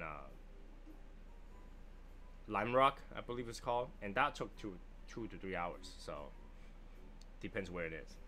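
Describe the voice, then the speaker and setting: A man's voice: on the low side, bright, forceful tone. A man with a Chinese accent hosting a casual cigar livestream, chatty and joking as he answers viewers. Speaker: livestream host reviewing cigars. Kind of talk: casual live chat.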